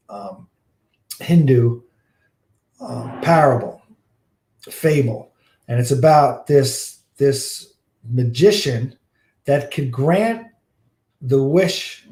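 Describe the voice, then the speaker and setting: A man's voice: mid-range voice, dark tone, echoey room. A man, a pastor, teaching a church class with a folksy storytelling manner, often repeating words and using fillers.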